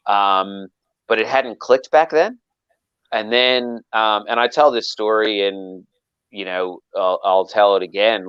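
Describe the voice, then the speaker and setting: Aussie guy rambling thru a story, lowish voice, dull dry lo-fi sound. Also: clean tone, no echo. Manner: rambling with many restarts, animated quoting. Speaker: knifemaker guest. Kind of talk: casual storytelling chat.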